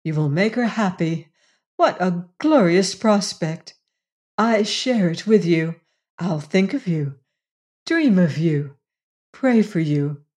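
A selfless woman rancher speaks in a storybook, soft and earnest, almost musing to herself. A woman reads her aloud. Her voice is low and slow-paced. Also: expressive. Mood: tender.

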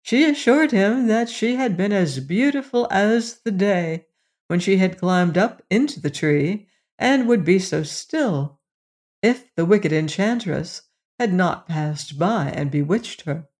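A storyteller giving a measured, scripted reading of a fairy tale. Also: medium pitch, lively intonation, darkish tone.

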